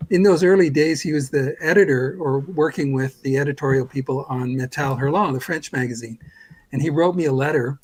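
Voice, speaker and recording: Older man in his sixties, husky voice, pitched a bit high, casual rambling storytelling, self-deprecating. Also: fairly quick, poor audio. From Canada. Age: 60s. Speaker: guest comics artist.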